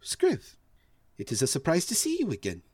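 A man's voice: fairly high pitch, wildly swooping pitch, normal speed, warm tone, breathy edge, dry recording, exaggerated voice. A man voicing a polite female robot envoy who speaks formally and courteously.

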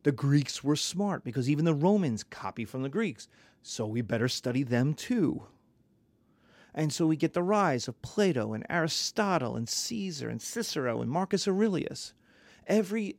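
A man lecturing on history in a lively, conversational way, sometimes acting out little voices. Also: mid-range voice, no room sound.

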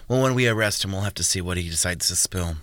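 A man's voice: deep voice, fast, fairly bright tone, dry recording. A man narrating a storybook, voicing a young woman investigator who speaks hesitantly and defiantly. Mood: relieved. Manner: hesitant, faltering then firm.

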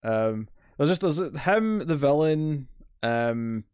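A man's voice: a little high, animated, slow, a little mellow, smooth, no echo, clean studio sound. A Scottish man co-hosting a casual TV review podcast, blunt and opinionated in his complaints. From Scotland. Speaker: podcast co-host.

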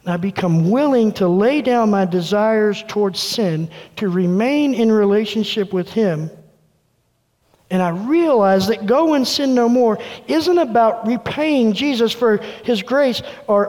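Casting note: earnest preacher, male, bright high voice, room reverb trailing each phrase. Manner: earnest preaching, dropping soft for quoted words. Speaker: pastor. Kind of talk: sermon. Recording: long reverb of a large room.

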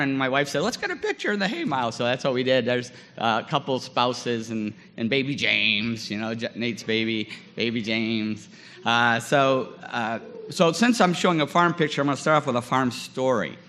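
A man in his forties telling a lively story in a sermon, acting out scenes with many fillers. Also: medium pitch, big-room sound. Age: 40s. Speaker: guest chapel speaker.

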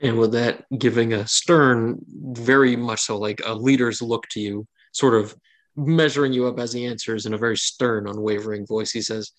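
A man's voice: medium pitch, steady tone, normal speed. Man narrating as game master. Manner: casual, descriptive narration with fillers.

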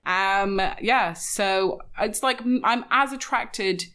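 A woman's voice: mid-range voice, slow, sharp tone. A young adult woman chatting as a podcast guest, telling candid stories full of quoted asides. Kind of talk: casual chat.

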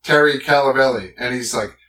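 A man's voice: medium pitch, a little fast, fairly bright tone, far from the mic, poor audio. A man co-hosting a podcast in casual chat, rambling and often trailing off mid-thought. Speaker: podcast co-host.

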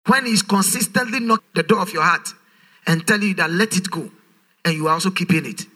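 A man's voice: high voice, quick pace, pushed and bright. A man preaching a sermon, emphatic and full of rhetorical questions, his voice rising in a sing-song way. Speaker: pastor.

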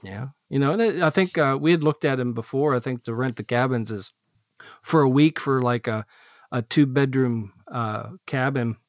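A man's voice: medium pitch, normal speed, no echo. A man co-hosting a podcast in casual chat, rambling and searching for his words. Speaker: podcast co-host. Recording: dull, dry lo-fi podcast audio.

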